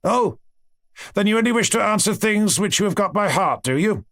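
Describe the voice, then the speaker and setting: A man's voice: on the high side, expressive, moderate pace, fairly bright tone, no room sound, clean studio sound, pitched above the performer's own voice. A man playing a clipped, condescending old-school professor. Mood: impatient. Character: stern pompous male examining professor.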